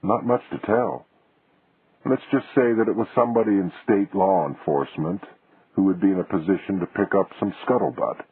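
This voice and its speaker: A man reading an audiobook, voicing a sharp, inquisitive woman journalist in a husky, slightly raised voice. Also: sits low, normal speed, no room sound, phone-quality sound. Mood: guarded. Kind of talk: audiobook dialogue.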